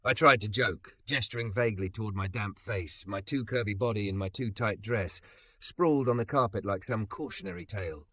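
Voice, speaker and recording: A man narrating a first-person story with an expressive, emotional delivery. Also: lowish voice, a little fast, dry recording.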